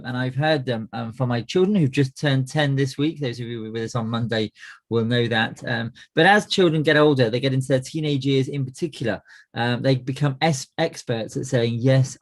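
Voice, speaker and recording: A middle-aged man hosting a business coaching webinar, friendly and full of "uh" fillers and restarts. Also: mid-range voice. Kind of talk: presenting a webinar.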